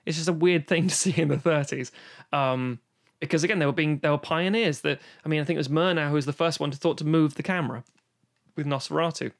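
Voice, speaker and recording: Man, fairly high voice, enthusiastic, swears a lot, rambling casual podcast chat. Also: fast talker, gravelly. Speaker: podcast co-host. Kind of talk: casual film discussion. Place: home, recorded remotely during lockdown.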